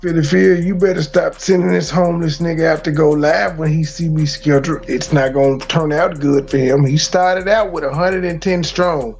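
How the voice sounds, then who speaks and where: A man's voice: fairly high pitch, steady tone, normal speed, creaky, few pauses, darkish tone, faint music behind. A man hosting a livestream who mocks and taunts another man in crude trash talk. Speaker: host of a commentary livestream. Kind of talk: mocking live commentary.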